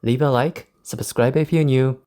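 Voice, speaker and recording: Male English tutor, native Japanese speaker, warm relaxed tone, clear explanatory delivery. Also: medium pitch, unhurried. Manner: explanatory, demonstrates intonation in quoted examples. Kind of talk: recorded lesson.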